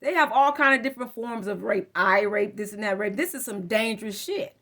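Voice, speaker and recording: A woman's voice: medium pitch, brisk, fairly bright tone. A woman giving a casual live tarot reading into a phone, blunt, profane and fired-up as she talks to viewers. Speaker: tarot reader.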